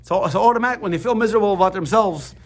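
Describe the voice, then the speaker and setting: A man teaching a lively class, switching quickly between explanation and jokes. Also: sits high. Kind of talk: animated class lesson.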